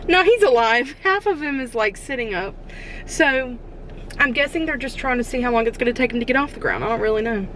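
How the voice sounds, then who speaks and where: A young woman, chatting casually in her reading vlog, excitable and full of rhetorical questions, recorded on a handheld phone. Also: on the high side, brisk, slight background noise. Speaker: book vlogger. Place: indoors, then moving between spots without a tripod.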